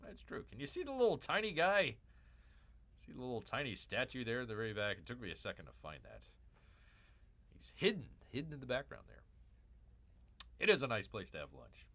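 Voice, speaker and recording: Calling himself Bear in the third person, a man hosts a livestream with joking, casual commentary that rambles through asides and repeats itself. His mid-range voice swoops wildly in pitch, moving fairly quickly with frequent pauses and a bright, forceful tone.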